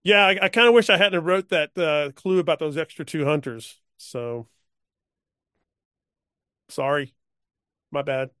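A man in a casual chat about a game session, talking haltingly with many fillers. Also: fairly high pitch, fairly bright tone, smooth, no echo, studio quality. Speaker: player.

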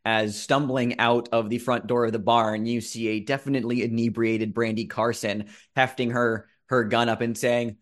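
A man's voice: medium pitch, level tone, normal speed, few pauses. Man, game master, casual profane narration, tabletop role-play.

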